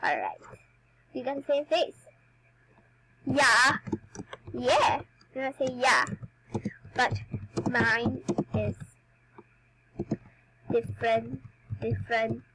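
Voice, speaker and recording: Her voice is fairly high, a bit bright, and husky, heard on a rough recording. A young gaming YouTuber, she's chatty and giggly and pokes fun at herself while playing a dance game, sounding slightly sick with a cough.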